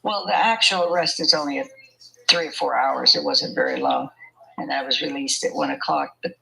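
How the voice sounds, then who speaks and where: A woman's voice: low voice, a little fast, gravelly, a crowd in the background, poor audio. An older woman telling her story in an interview, chatty and often laughing as she talks. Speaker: interview guest. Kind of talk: conversational storytelling.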